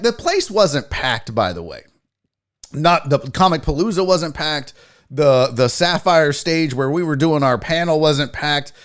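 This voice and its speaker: A man hosting a sports talk show, telling a story in a casual, profane, animated way and acting out what others said. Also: a little high. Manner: animated, profane, acts out quotes. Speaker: podcast host.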